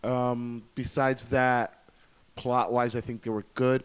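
A man's voice: mid-range voice, little pitch movement, takes it slowly, smooth. A man chatting casually as a guest on a podcast, enthusiastic and rambling with lots of fillers. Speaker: guest reviewer.

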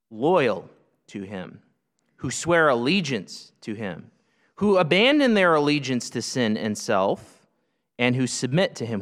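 A man's voice: medium pitch, fairly bright tone. A man preaching a sermon, emphatic and full of rhetorical questions. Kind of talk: sermon teaching. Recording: long hall reverb.

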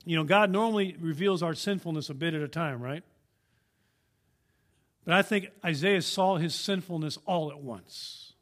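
A man preaching a sermon, earnest and emphatic, swinging from raised declarations down to hushed lines, often repeating and restarting words. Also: fairly high pitch, moderate pace. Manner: earnest, emphatic, rising and dropping to a hush.

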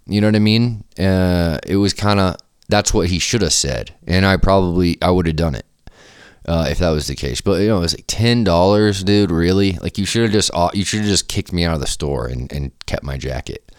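A young adult man hosting a podcast, telling loose, profane stories in casual chat and jumping into animated quoted voices. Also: deep voice, clear, resonant tone, dry recording, clean studio sound. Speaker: podcast host.

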